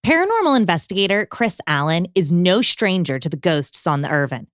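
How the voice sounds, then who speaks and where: A woman narrating a spooky podcast script with lively ups and downs in her delivery. Her voice is a little low and recorded close and dry. She reads with theatrical emphasis. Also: a little fast, no room sound. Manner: dramatic, expressive storytelling read.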